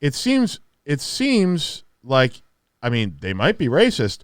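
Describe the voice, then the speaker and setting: A man hosting a casual podcast, halting and repeating himself, often laughing. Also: a little high, wildly swooping pitch, clean tone, dry recording, studio quality. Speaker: podcast host.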